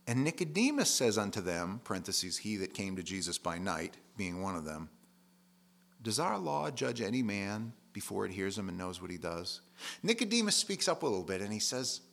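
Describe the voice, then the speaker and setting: A man's voice: mid-range voice, sing-song, brisk, fairly bright tone. A man preaching a sermon in a conversational, plain-spoken way, leaning hard on key words.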